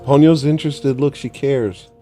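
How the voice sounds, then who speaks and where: Brief: male streamer, mid-pitched, excitable, talks in baby talk to puppies, faint music behind. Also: normal speed. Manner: excitable, coos at newborn puppies. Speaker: livestream host. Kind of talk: casual livestream chat. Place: home with dogs.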